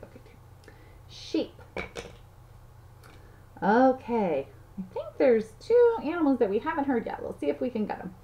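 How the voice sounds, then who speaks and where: A woman's voice: high-pitched, big pitch swings, measured pace, long pauses. A woman giving a playful lesson to toddlers, counting aloud and making animal sounds in a sing-song way. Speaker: children's teacher. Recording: slightly dull audio, faint noise.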